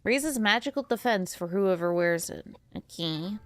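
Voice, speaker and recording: A woman's voice: mid-range voice, lively intonation, measured pace, no room sound, faint music behind. A sleepy woman streaming a game, chatting casually with her viewers while laughing and rambling. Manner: rambling and giggly, talks to chat. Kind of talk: casual gameplay commentary.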